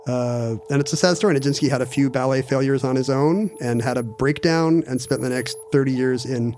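A man's voice: mid-range voice, fairly even intonation, fairly quick, darkish tone. A man chatting casually, telling a long story with many restarts and fillers. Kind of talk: casual podcast chat.

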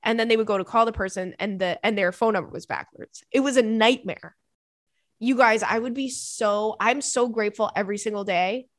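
A woman's voice: medium pitch, brisk, no echo, studio quality. A woman in her thirties hosting a podcast, reading listener emails in a casual chat full of laughing tangents and swearing.

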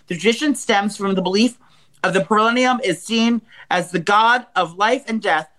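With a high-pitched, sharp-toned voice, this podcast co-host in his forties rambles through crude stories, keeping the chat casual and profane.

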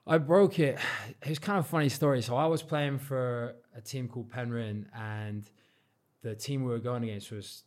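A young English man from Cornwall, with no Cornish accent, chatting as an interview guest in a relaxed, modest way full of fillers. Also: medium pitch, normal speed. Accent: English, not Cornish. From Cornwall, England. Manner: relaxed, modest, lots of fillers like "like" and "you know". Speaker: guest, freestyle football champion. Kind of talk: casual interview chat.

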